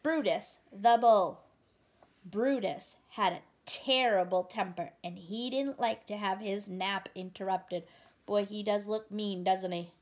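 A woman reading a picture book aloud, gently pausing to ask the listener questions about the story. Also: mid-range voice. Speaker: storybook reader.

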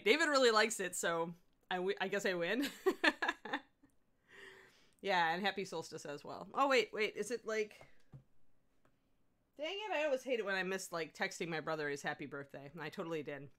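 Chatty and giggly, this livestream host rambles on about her week and coos at her dog in a high baby voice. She speaks a little fast, sounding animated and somewhat bright.

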